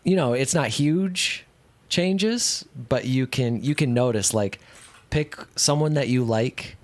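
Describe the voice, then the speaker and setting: A man's voice: mid-range voice, slow pace. A man co-hosting a casual show, rambling and musing between frequent laughs. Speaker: co-host. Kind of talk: casual chat.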